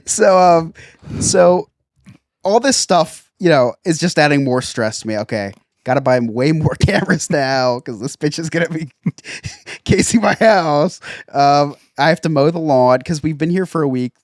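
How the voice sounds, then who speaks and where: A man's voice: on the high side, measured pace, no echo, clean studio sound. A man co-hosting a podcast who tells stories in casual chat, laughing often and restarting his sentences. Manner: animated storytelling, frequent laughter and restarts. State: resting an injured ankle. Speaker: podcast co-host.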